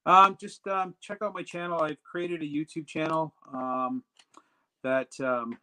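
A man's voice: on the high side, steady tone, unhurried, sharp tone. A man, a pastor, telling a long story as an interview guest, rambling with many fillers and restarts. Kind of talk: casual storytelling.

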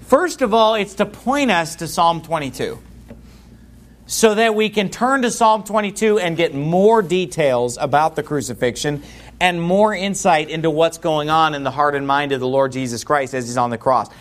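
A man's voice: on the high side, moderate pace. A man preaching as a pastor, reading scripture aloud and then expounding on it with rising intensity. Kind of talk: sermon.

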